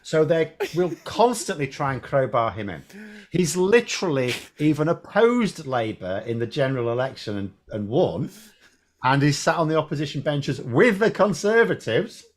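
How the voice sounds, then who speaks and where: A man's voice: on the high side, very animated, normal speed. A man from Yorkshire with a Yorkshire accent, co-hosting a casual live-stream chat in a wry, opinionated, talkative way. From Yorkshire, England. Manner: wry, opinionated, talks at length. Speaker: co-host.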